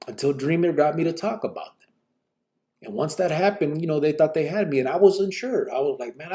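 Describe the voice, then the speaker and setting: Guy telling his story on a live stream, gravelly dark voice, swears a lot, says "you know what i'm saying" all the time. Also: fairly high pitch.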